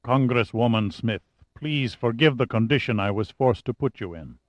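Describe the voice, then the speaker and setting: A man's voice: mid-range voice, normal speed, no room sound, dull audio, lightly acted. A man reading the part of a cold, menacing Soviet agent who speaks in a detached, disinterested way.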